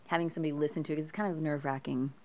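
A woman's voice: low voice, fairly even intonation, racing, darkish tone. A female podcast co-host chatting casually, wry and a little hesitant. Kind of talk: casual chat.

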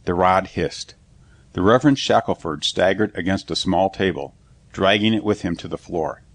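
A man's voice: low voice, moderate pace, no echo. A man reading a science fiction audiobook aloud as narrator, giving the dialogue light voices. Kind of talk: scripted narration.

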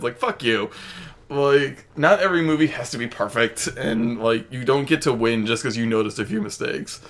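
A man's voice: medium pitch, normal speed. A man co-hosting a casual movie chat, rambling and wry, with lots of fillers. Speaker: podcast co-host.

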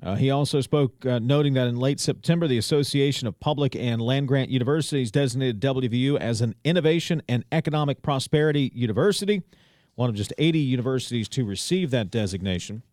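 A man hosting a radio news program, recapping a meeting in a measured way with frequent pauses and "uh" fillers. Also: medium pitch, darkish tone, no echo, clean studio sound.

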